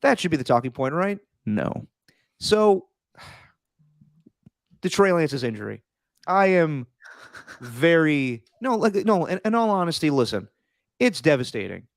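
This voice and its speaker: A man's voice: on the high side, big pitch swings, a little slow, vocal fry, long pauses, no room sound, clean studio sound. A man co-hosting a casual sports talk podcast, earnest and emphatic, repeating words when worked up. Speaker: podcast co-host.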